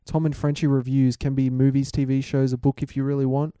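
A man's voice: medium pitch, little pitch movement, fast, dark tone, clean tone, no echo, clean studio sound. A young Australian man co-hosting a podcast in casual chat, laid-back and crude as he tells stories. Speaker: podcast co-host.

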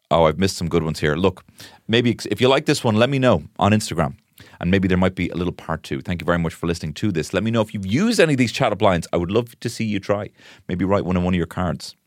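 Man, very deep voice, lively swooping intonation, rambling sweary podcast host. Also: no room sound, clean studio sound. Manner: rambling, self-mocking, sweary. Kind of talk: comic solo podcast monologue.

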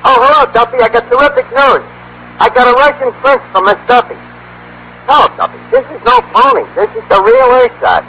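An actor playing a streetwise, wisecracking tavern manager in a 1940s radio comedy, with brash, ungrammatical patter. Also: male voice, sits high, sing-song, normal speed, long pauses, full character voice. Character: fast-talking wisecracking tavern manager, adult man. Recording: muffled old radio broadcast with loud hiss.

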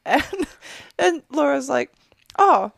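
A woman's voice: fairly high pitch, moderate pace, gravelly, dry recording, studio quality. A woman in her thirties co-hosting a podcast, telling stories in casual chat, laughing often and swearing freely. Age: 30s. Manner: animated storyteller, laughs and swears a lot. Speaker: podcast co-host.

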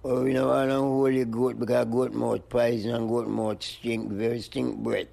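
A man, rambling playfully as an interviewee, with a gravelly voice and chanting repetitions. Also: mid-range voice, flat delivery, moderate pace, warm tone. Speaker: interviewee, musician. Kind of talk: free-associating rambling chat.

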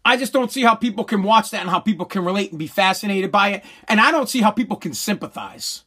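A man's voice: high-pitched, expressive, quick pace, pushed and bright. A man delivering a blunt, heated, sarcastic opinion rant full of crude swearing.

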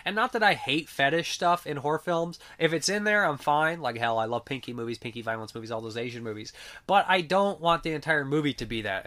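A man's voice: a little high, bright, forceful tone. Rambling, swearing male movie reviewer. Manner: rambling, swears freely, many fillers. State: sick. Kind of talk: casual unscripted review.

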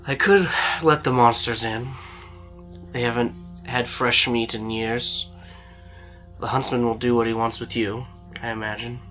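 A man voicing a prim, proper, menacing captain made of a dark mass, speaking in soft purring threats. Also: medium pitch, steady tone, measured pace, faint music behind.

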